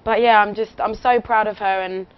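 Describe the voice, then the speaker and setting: A woman's voice: mid-range voice, fairly even intonation, a little fast, clean tone. A young English woman chatting casually as an interview guest, rambling and giggly, with lots of fillers. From England. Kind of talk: casual radio interview chat. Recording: muffled lo-fi audio with faint noise.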